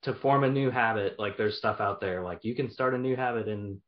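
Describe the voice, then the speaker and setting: A man's voice: lowish voice, fairly quick. Casual man host, dull lo-fi sound. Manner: casual, affirming, asks questions. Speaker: podcast host. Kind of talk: conversational interview.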